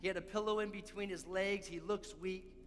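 A man's voice: sits high, fairly even intonation, a little fast, fairly bright tone. A man preaching a sermon as pastor, earnest and repeating key lines for emphasis. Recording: long hall reverb with faint music.

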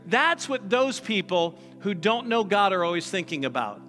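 Pastor guy preaching, high bright voice, big echoey hall, faint music behind. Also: sing-song, moderate pace, few pauses. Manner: conversational, sarcastic asides, acts out voices. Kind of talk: sermon.

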